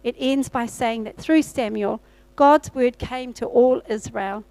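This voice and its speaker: High-voiced New woman preaching. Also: a little slow, warm tone, dry recording, low-quality recording. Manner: storytelling, acts out her own past dialogue. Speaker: pastor. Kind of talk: sermon with personal testimony. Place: church.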